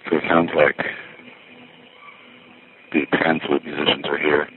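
Deep, flat New guy, wry and rambling, a bit out of breath; thin phone-like sound with faint noise. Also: a little slow. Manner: wry, chatty, thinking aloud. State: a little winded. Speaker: payphone vlogger. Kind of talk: rambling first-person walkthrough. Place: ferry terminal, indoors, busy. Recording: tinny lo-fi with faint background noise.

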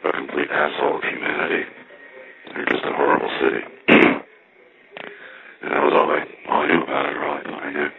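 Very deep, gravelly man on a tinny line. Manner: rambling, dry, with frequent restarts. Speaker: vlogger. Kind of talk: casual walking vlog monologue. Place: outdoors in a windy, cold city. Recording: tinny phone-like recording.

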